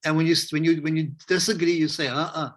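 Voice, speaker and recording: A man's voice: on the high side, little pitch movement, fast talker. Reflective South African man on a video call. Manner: reflective, rambling, acts out quoted voices. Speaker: hip hop educator, interview guest. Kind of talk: casual interview conversation.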